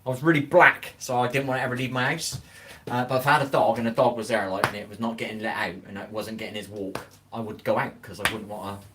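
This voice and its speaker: A man's voice: fairly low pitch, fairly even intonation, quick pace, noisy background. A middle-aged man hosting a casual livestream, reading viewer comments aloud and giving folksy advice while stumbling over names. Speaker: livestream host.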